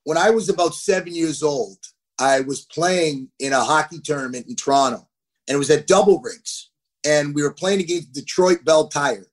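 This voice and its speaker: A man in his thirties, a hockey player telling stories as a podcast guest, animated and acting out what people said. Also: fairly high pitch, normal speed. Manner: animated, acts out quotes. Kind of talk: podcast interview, storytelling.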